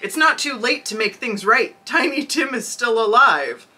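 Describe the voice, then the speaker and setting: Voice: expressive, moderate pace, husky, exaggerated voice. A podcast host voicing a frantic miserly old man while reading a storybook aloud. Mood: overjoyed. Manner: high, loud, pleading cries.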